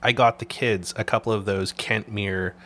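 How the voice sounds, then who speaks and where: A man from Canada hosting a casual photography chat, telling animated stories and swearing freely. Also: on the low side, normal speed. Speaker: podcast host.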